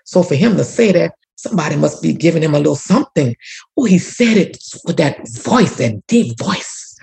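A woman's voice: sits low, expressive, normal speed, creaky, mellow, rough recording. A woman, a community activist and former teacher, telling a personal story earnestly with many restarts. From Louisiana. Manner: earnest, repetitive restarts, prayerful.

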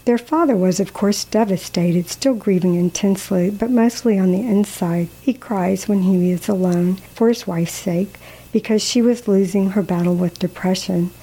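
A woman calmly reading a story aloud in a measured, gently expressive way. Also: medium pitch, husky, rough recording. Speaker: narrator.

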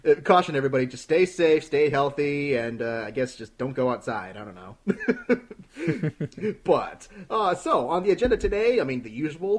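A man hosts a casual film podcast with a husky edge to his voice. His pitch swings a lot as he rambles through the agenda, and he breaks into laughter often. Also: darkish tone. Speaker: podcast host. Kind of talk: casual chat.

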